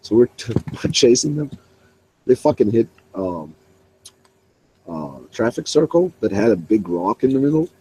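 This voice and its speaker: A man's voice: fairly low pitch, very animated, measured pace, long pauses, dark tone, breathy edge, poor audio. A young man swearing freely as he tells a rambling story in a casual online voice chat. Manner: profane, rambling, laughing.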